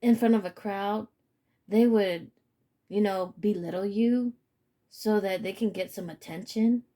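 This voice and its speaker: A woman's voice: mid-range voice, unhurried, dark tone. A woman giving a casual spiritual reading to her viewers. She talks emphatically and swears freely, and she keeps repeating "okay?".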